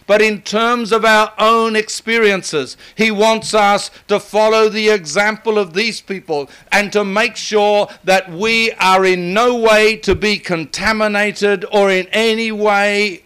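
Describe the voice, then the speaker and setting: An older man preaching a sermon, emphatic and building to forceful repetition. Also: high voice, fairly even intonation, slow, hardly any pauses, clear, resonant tone.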